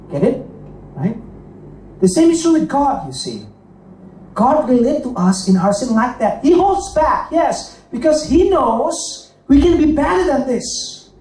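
A man's voice: extremely high pitch, sing-song, moderate pace, dark tone, recorded from a distance, a little hiss or hum. Man, Indonesian accent, pastor, sermon, rhetorical questions, echoey hall, faint background ambience. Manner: asks listeners rhetorical questions, checks in with "right?" and "get it?".

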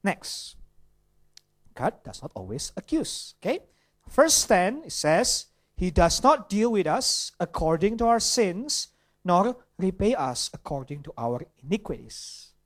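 Pastor preaching in English. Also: male voice, sits high, sing-song, a little slow. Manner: asks the audience questions, with some Indonesian asides. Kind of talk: sermon.

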